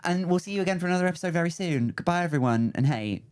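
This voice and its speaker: A woman's voice: lowish voice, lively intonation, very fast, a little mellow, clean tone. A woman hosting a podcast, telling stories and teasing her guest with dry humour. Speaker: podcast host. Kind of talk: casual chat.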